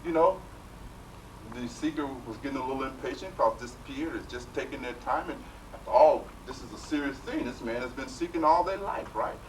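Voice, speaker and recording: A man's voice: medium pitch, fairly quick. A man leading a spiritual workshop, telling stories animatedly and tossing in rhetorical questions, recorded from a distant mic in a noisy room. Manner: animated storytelling with rhetorical "right?". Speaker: spiritual teacher.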